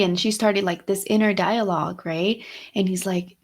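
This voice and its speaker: A woman in relaxed podcast talk, reflective and gentle, who acts out other people's words as she retells a story. Her pitch sits in an ordinary middle range for a woman. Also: moderate pace, breathy edge. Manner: reflective, retells stories with quoted dialogue. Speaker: podcast co-host. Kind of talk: casual heartfelt conversation.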